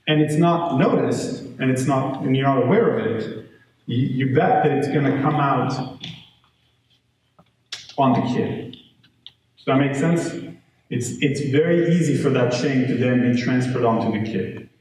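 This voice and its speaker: Male educator addressing parents live; lively storytelling, recorded from afar in a reverberant room with faint hiss. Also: medium pitch, a little slow, pauses often. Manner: conversational, animated storytelling with audience check-ins. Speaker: educator giving a parenting talk. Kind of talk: live workshop talk to parents. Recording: echoey room, distant mic, faint noise.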